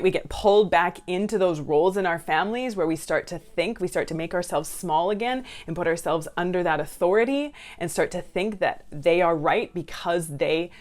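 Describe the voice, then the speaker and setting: A woman with a lowish voice speaks as a counsellor in an advice video. She talks to viewers directly and conversationally, asks them questions, and acts out lines they may hear. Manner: acts out what family members say.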